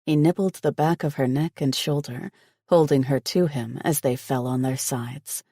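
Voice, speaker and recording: A man reading a romance audiobook in scripted narration, slow and steady. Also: medium pitch, dry recording, clean studio sound.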